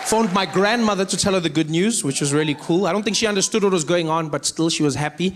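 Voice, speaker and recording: A man with a South African accent performing an animated stand-up storytelling routine on stage. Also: sits high, quick pace, a crowd in the background, background noise. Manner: animated storytelling, acting out characters. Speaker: stand-up comedian. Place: comedy stage before a live audience.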